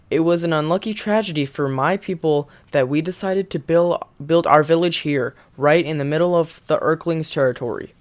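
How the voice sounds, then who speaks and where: Excitable man, gaming commentary, reading game text aloud, gasps and laughs, slightly high voice. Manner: excitable, gasping, quick to laugh. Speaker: gaming YouTuber.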